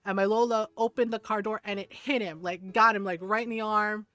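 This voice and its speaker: A woman's voice: medium pitch, fairly even intonation, a little fast, fairly bright tone, dry recording. A middle-aged woman streaming a game who tells stories casually, laughing often and checking in with "right?". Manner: chatty, laughs often, keeps saying "right?". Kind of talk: casual storytelling while playing.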